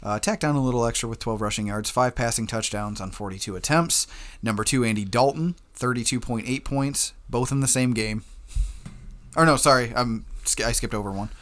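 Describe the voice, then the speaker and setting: Reading out stats with frequent chuckles, this young co-host of a relaxed fantasy football podcast speaks briskly. His voice is mid-range and a bit bright.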